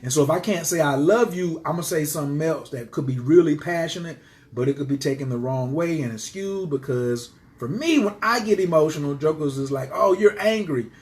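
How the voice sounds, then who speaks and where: A man's voice: fairly high pitch, a little fast, a little mellow. A man teaching astrology to his viewers in a casual live stream, speaking passionately and emphatically and driving his points home by repeating them.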